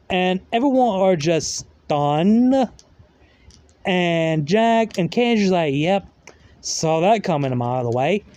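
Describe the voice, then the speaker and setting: High-voiced man rambling through a story. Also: a little mellow, dry recording. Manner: rambling, filler-heavy, loose grammar. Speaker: fan story narrator. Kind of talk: casual retelling of a fan story.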